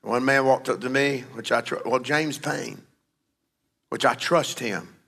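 A man preaching a sermon, rising to emphatic calls and dropping low to tell stories. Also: a little slow, gravelly, fairly bright tone, slightly rough. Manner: emphatic preaching with sudden drops to a low confiding voice. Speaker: pastor.

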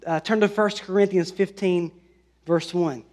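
A man's voice: high-pitched, steady tone, unhurried, darkish tone. A man preaching a sermon in an earnest way, with fillers and restarts, lifting his voice for scripture. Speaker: pastor.

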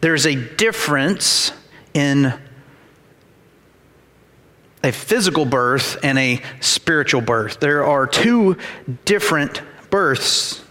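A man's voice: fairly high pitch, expressive, slow pace, sharp tone. A man preaching a sermon as pastor, emphatic and repetitive, with dramatized quotes. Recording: reverberant hall.

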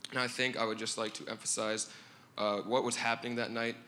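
Young man, testimony; earnest, bright forceful tone, faint background noise. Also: mid-range voice, level tone, a little fast. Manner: earnest, with fillers and restarts. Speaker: church member sharing a testimony.

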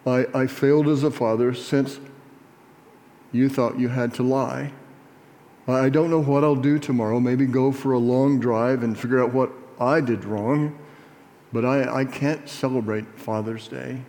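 A man reading the part of a grieving middle-aged father who speaks quietly and stammers over his words, in a reverberant room. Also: mid-range voice, steady tone, lightly acted. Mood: quiet grief. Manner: halting, repeats his words. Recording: reverberant hall.

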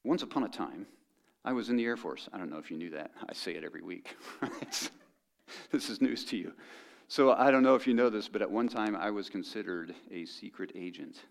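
Low-voiced joking male pastor. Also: lively intonation, fairly quick, vocal fry. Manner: conversational, joking with the congregation. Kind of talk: sermon.

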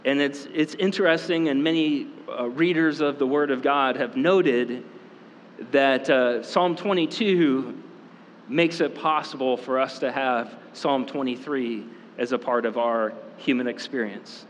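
Conversational pastor preaching in a hall. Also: male voice, mid-range voice, slight background noise. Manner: conversational, fillers, quick asides. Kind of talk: sermon. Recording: long reverb in a hall.

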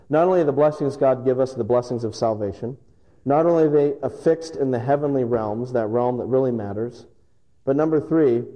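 A male pastor preaching a sermon, telling stories with emphatic pauses. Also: mid-range voice, dark tone, rough recording. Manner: storytelling, emphatic with dramatic pauses.

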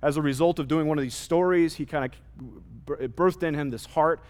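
A man with a fairly high voice preaches a sermon, earnest and conversational, stumbling over fillers and restarts. His voice rings out with a long reverb, as in a church hall. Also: a little fast, a little mellow. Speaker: pastor.

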